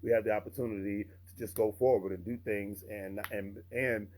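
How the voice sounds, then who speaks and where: Mellow-voiced man rambling through a rant. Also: fairly low pitch, steady tone, normal speed, slight background noise. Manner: rambling, repeats himself, fillers like "and whatnot". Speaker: channel host. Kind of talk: casual rant to camera.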